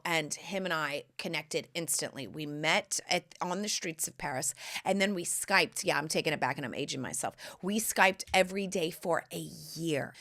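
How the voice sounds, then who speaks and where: Brash, gravelly woman telling racy stories. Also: fairly low pitch. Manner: brash, profane, animated storyteller. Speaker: podcast host. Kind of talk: candid storytelling monologue.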